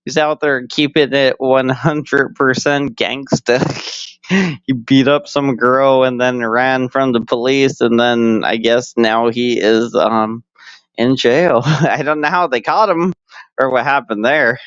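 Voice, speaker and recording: A man's voice: mid-range voice, fairly even intonation, slow, a bit bright, smooth, no room sound. A man streaming casually, rambling crudely with lots of fillers and frequent laughs. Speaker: live streamer. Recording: dull lo-fi stream audio.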